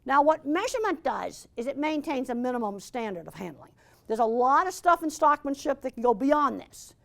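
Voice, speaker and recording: A woman's voice: high voice, big pitch swings, fairly quick, gravelly, fairly bright tone. An older woman giving a blunt, emphatic lecture with slides, repeating her key points. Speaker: animal science lecturer.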